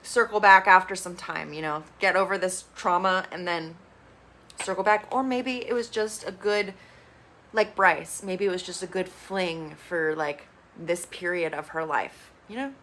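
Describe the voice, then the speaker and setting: A woman recapping a reality show in a casual, blunt and expressive way, swearing freely. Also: on the low side, unhurried, a little hiss or hum. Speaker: TV reviewer.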